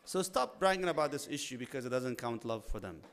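A man preaching a sermon, animated, acting out little dialogues and mixing in Arabic religious phrases. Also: mid-range voice, a little fast. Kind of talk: sermon on marriage.

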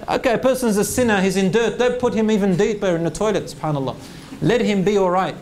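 A man giving a religious talk in English, telling a story in an animated way and mixing in Arabic phrases. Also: high-pitched, fast talker, slight background noise. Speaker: preacher.

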